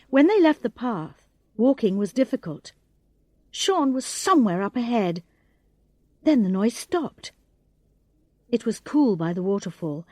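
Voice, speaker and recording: A woman reading a graded English storybook aloud in a slow, clear narration, voicing the characters' lines expressively. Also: fairly high pitch, a little mellow, dry recording. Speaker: audiobook reader.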